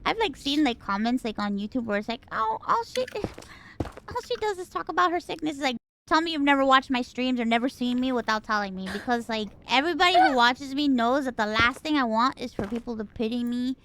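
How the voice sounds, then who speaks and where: Woman, streamer, high voice, bright tone, animated, casual chat. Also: a little fast, a little hiss or hum. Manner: animated, swearing, laughing often.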